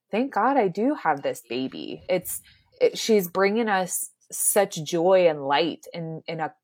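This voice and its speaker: A woman in her thirties, a mother, chatting casually in a reflective, soft-spoken way with many fillers. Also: deep voice, dry recording, clean studio sound. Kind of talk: casual chat.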